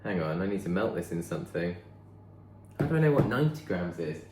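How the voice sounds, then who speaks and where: A low-voiced man vlogger chats in his home kitchen while baking, very animated and brisk, rambling and thinking aloud as he works. The room is echoey and there's background noise.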